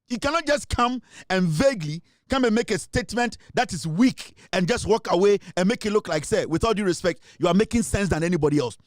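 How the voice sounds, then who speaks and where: A man's voice: high-pitched, expressive, a little fast, few pauses, no room sound, clean studio sound. A Ghanaian man giving impassioned political commentary, emphatic and scolding, switching between Twi and English.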